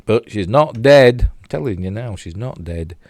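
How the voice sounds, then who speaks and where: Deep-voiced older Yorkshire man, chatty. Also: lively intonation, normal speed, darkish tone, no echo, studio quality. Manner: chatty and self-mocking, with frequent fillers and asides. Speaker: TV show reviewer. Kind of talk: casual rambling review while replaying clips.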